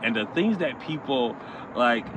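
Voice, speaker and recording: A man co-hosting a casual podcast outdoors, relaxed and hesitant, filling pauses with many "uh"s and agreeing often. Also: medium pitch. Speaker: podcast co-host. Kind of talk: casual chat. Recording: dull lo-fi outdoor audio with traffic noise.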